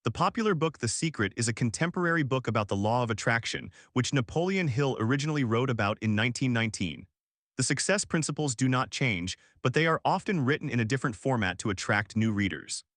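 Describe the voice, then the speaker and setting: A man's voice: medium pitch, lively intonation, fast, fairly bright tone, no echo. Man narrating an audiobook, dry and close. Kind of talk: scripted narration.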